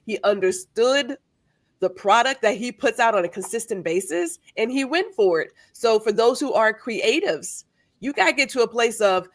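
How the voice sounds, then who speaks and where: A woman's voice: a little high, lively intonation, normal speed, no room sound. Female guest, earnest advisory tone, dry recording. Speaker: guest commentator. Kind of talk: casual talk show discussion.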